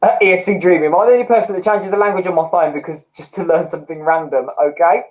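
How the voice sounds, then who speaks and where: A man hosting a casual livestream, chatting excitedly with viewers and laughing often. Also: high voice, fast, low-quality recording. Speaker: livestream host. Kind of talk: casual livestream chat reading comments.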